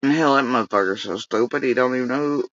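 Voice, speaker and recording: A woman's voice: a bass voice, fast, no room sound, highs cut off. A woman hosting a livestream, talking casually and cursing as she mocks someone. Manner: profane, mocking rants. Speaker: livestream host.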